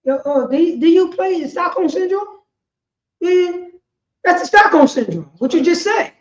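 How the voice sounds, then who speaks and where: A high-voiced woman with a New York accent preaches to a religious class, loud and impassioned, breaking into shouts and swearing. Her voice echoes around a roomy space, and the stream audio sounds dull and lo-fi. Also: animated, normal speed. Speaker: class teacher. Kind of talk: fiery street-style religious teaching.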